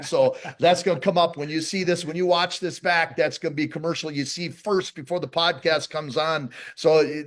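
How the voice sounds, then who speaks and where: A man hosting a casual hockey podcast, chatty, repeating words and laughing easily. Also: on the high side. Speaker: podcast host. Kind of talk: casual interview chat.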